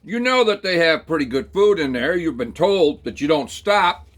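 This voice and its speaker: A man telling a rambling, folksy second-person story, talking slowly through it with plenty of hesitations and fillers. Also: a little high, lively intonation, fairly bright tone. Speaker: channel host.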